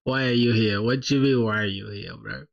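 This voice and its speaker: A man's voice: on the low side, fairly even intonation, moderate pace, vocal fry, muffled recording. A man live-streaming his coding, thinking aloud in casual chat, laughing often and calling viewers "bro".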